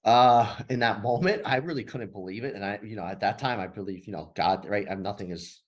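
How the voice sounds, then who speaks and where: A man in his thirties, a former police officer, telling his story in a podcast interview in a lively, profane way, acting out the dialogue. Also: lowish voice, fairly quick, muffled recording. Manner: animated, profane, acts out dialogue. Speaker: guest, nonprofit founder and former police officer.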